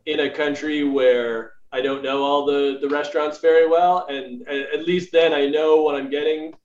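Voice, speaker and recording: A man's voice: fairly high pitch, steady tone, moderate pace, darkish tone. A man co-hosting a podcast in casual chat, thinking aloud as he answers. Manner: musing, thinks aloud with fillers. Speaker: podcast co-host. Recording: roomy, dull lo-fi remote audio.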